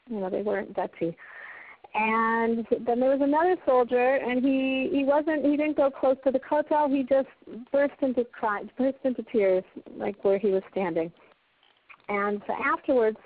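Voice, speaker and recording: A woman teaches a Torah class over a tinny phone line. Her voice sits fairly high, and she speaks earnestly, her pitch rising with passion as she tells a story. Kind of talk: heartfelt Torah class given over a conference call.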